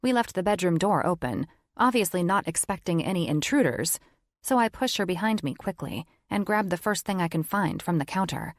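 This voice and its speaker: A woman's voice: fairly low pitch, animated, brisk, dry recording. A woman narrating a first-person romance audiobook in a wry, conversational tone. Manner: wry, conversational inner monologue.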